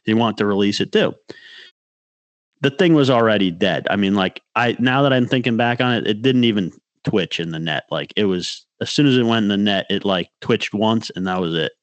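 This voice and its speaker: A man's voice: fairly low pitch, animated, moderate pace, dry recording. A man co-hosting a podcast, telling a rambling fishing story in casual chat and acting out what others said. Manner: rambling storyteller, restarts, acts out quotes. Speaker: podcast co-host.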